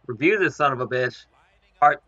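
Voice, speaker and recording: Young man, gameplay commentary, bright sharp tone on a dull lo-fi headset mic; excitable, curses at the screen. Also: mid-range voice, fairly quick, dry recording. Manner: excitable, swearing, talks to the screen. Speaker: gaming commentator.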